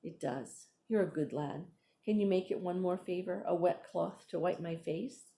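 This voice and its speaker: Woman reading as a gentle, weary old man. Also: on the low side, moderate pace, vocal fry. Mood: kindly.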